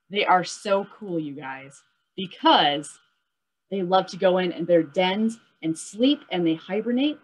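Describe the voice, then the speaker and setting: Upbeat husky woman teaching kids. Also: lowish voice, rough recording. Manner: upbeat, asks kids questions, says "right?" often. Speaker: nature educator. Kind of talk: children's webinar lesson. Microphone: video call.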